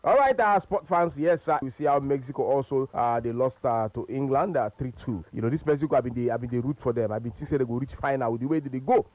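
A man's voice: medium pitch, fast, hardly any pauses, no echo. A man with a Nigerian accent hosting a radio sports call-in show, chatting casually in English and Pidgin with lots of fillers. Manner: relaxed, frequent hums and laughs. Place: radio studio.

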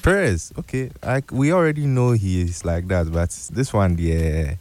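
A man with a Ghanaian English accent hosting a radio show, talking in a lively, playful way with local slang. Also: deep voice, normal speed, faint music behind. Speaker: radio host. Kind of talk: radio show chat with live ad read.

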